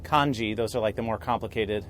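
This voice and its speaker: A man's voice: fairly low pitch, fairly quick, fairly bright tone, slight background noise. A man co-hosting a podcast, talking in a hesitant, hedging way during casual chat while hiking outdoors. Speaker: podcast co-host. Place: outdoor mountain trail.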